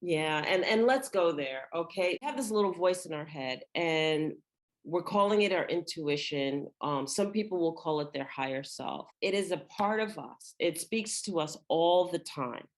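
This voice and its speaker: Her voice sits low and moves at normal speed as she co-hosts a podcast. Animated and casual, she tells stories and acts out what people said.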